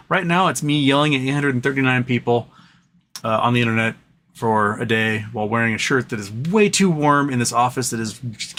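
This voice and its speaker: Hosting a livestream from his home office, a man vents his frustration, swearing and often stumbling into restarts. His medium-pitched voice is fairly bright, with a little hiss or hum in the audio.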